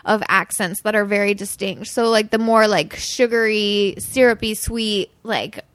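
A woman's voice: medium pitch, unhurried, a bit bright, clear, resonant tone, no room sound. A woman from Kentucky co-hosting a podcast, explaining things in a chatty way. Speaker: podcast co-host. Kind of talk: casual podcast chat.

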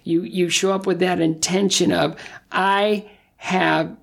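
Speaking slowly and flatly in a high, creaky voice, a middle-aged interview guest shares stories in a casual way, poking fun at himself.

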